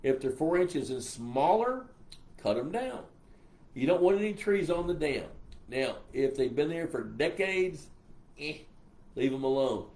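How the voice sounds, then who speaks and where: A man's voice: on the high side, big pitch swings, a little slow, darkish tone. An older man with a Texas accent hosts a casual live stream, reading viewer comments and answering their questions in a folksy, rambling way. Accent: Texan.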